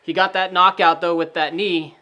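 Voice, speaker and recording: A man's voice: high-pitched, moderate pace. Man co-hosting a fight-prediction podcast. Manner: reads fight stats in a steady list. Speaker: podcast co-host. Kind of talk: casual sports prediction chat.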